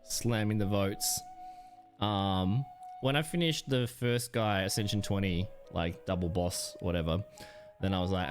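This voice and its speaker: A man's voice: unhurried, soft background music. Joking male streamer. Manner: joking banter with chat, animated swings in pitch. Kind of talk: casual live-stream chat.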